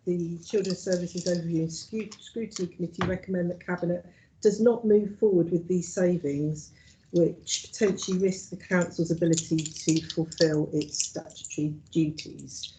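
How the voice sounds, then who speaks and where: A woman chairs a council committee and moves items along in formal, brisk phrases. Her voice sits slightly low, and clear noise runs under the recording. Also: steady tone.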